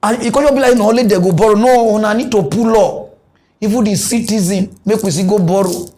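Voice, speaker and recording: A man's voice: high-pitched, brisk. A young man with a Nigerian Pidgin accent hosting a comic mock news show, ranting with frequent chuckles. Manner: animated ranting, chuckles often.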